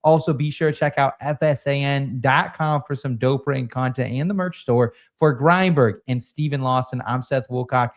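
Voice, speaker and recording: A man hosting a sports podcast, with a mid-pitched, ordinary voice. He keeps things moving and closes the show with an upbeat, practiced sign-off. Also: moderate pace, hardly any pauses. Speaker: podcast host.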